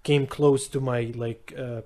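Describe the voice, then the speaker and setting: A young man on a comedy podcast, telling a story in an animated way, laughing often and acting out the people in it. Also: mid-range voice, takes it slowly. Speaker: podcast co-host.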